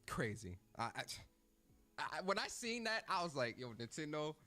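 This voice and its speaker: A man's voice: a little high, big pitch swings, moderate pace, bright, forceful tone. A man ranting about a game console, repeating his points with emphatic, joking exaggeration. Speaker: video creator ranting about games. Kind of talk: animated rant commentary.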